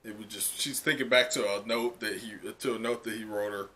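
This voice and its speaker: A man reacting live to a comic chapter in casual, excited talk full of "like" and laughs. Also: on the low side, fairly quick. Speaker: manga reaction streamer.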